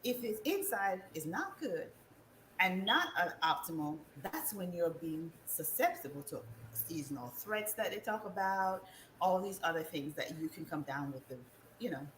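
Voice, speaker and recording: Animated woman in an echoey room. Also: normal speed. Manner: animated, acts out clients' voices with big pitch jumps, laughs often. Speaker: wellness guest. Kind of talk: casual chat. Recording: echoey room with faint ambient noise.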